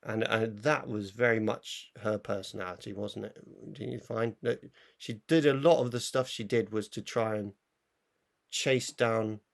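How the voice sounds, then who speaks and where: Gravelly man rambling about films. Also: lowish voice, a little slow. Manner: rambling, full of fillers and restarts. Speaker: film review show co-host. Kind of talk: casual chat.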